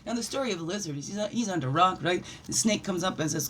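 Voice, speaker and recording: A woman leading a daily spiritual reflection while pulling oracle cards, animated and encouraging, with playful asides. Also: on the low side, fast, slight background noise. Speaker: spiritual guide.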